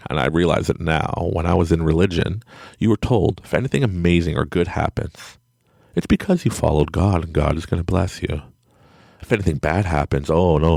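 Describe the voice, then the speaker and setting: A middle-aged man hosts a podcast from home late at night, in a low, gravelly voice. He rambles through a motivational talk, laughing at himself often, with pitch that swings widely. The recording is dry and close. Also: a little mellow, no echo. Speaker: podcast host. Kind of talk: casual motivational monologue.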